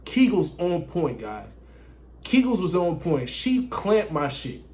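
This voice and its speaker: Male vlogger with a higher voice, animated and profane, talks straight to his viewers. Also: slow pace. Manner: profane, animated, keeps addressing viewers as guys. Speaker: dating coach vlogger. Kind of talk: casual storytelling.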